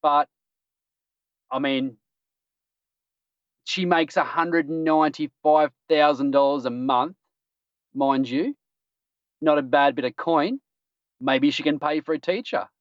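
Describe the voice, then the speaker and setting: A man's voice: a little high, takes it slowly, pauses often, no room sound. A man hosting a casual podcast news roundup, joking and laughing at his own jokes. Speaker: podcast host. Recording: dull dry lo-fi recording.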